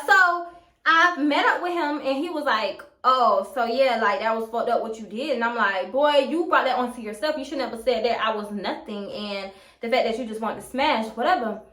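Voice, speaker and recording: A young woman telling a story to camera in a sassy, profane, animated way. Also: high voice, reverberant. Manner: sassy, profane, animated retelling with playful asides. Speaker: storytime vlogger.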